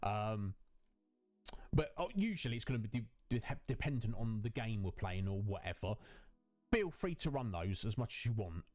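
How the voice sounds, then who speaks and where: A man's voice: lowish voice, lively intonation, normal speed, darkish tone, soft background music. A man hosting a casual live stream on a headset mic, answering his viewers' chat in a chatty, rambling way. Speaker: Twitch streamer and host.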